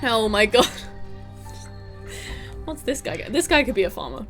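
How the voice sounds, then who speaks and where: A woman's voice: fairly high pitch, sing-song, measured pace, fairly bright tone, soft background music. Chatty woman streamer. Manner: chatty, giggly, reads game text aloud. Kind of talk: let's play commentary.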